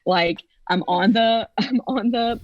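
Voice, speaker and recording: A woman in her twenties telling a personal story on a podcast in an animated way, with lots of fillers. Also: a little high, slow, no echo. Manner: animated, acts out quotes, many fillers. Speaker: podcast co-host. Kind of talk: casual storytelling. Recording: dull, dry sound.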